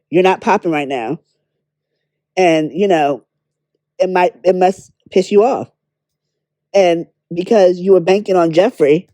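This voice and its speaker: A woman's voice: lowish voice, dark tone, no echo. A woman giving her candid, blunt opinions in a casual commentary vlog, swearing freely. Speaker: beauty drama commentator.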